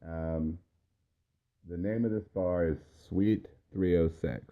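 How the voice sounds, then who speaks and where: A man's voice: low-pitched, slow pace. A tipsy man co-hosting a casual podcast, talking in a loose, rambling way while drinking. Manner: loose, rambling, drunk-sounding. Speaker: podcast co-host. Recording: lo-fi, phone-like sound.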